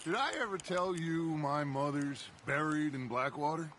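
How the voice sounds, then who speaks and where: An actor playing a charismatic outlaw gang leader who reminisces fondly and with theatrical flair in a video game. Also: male voice, on the high side, normal speed, a bit bright, a little hiss or hum, natural voice.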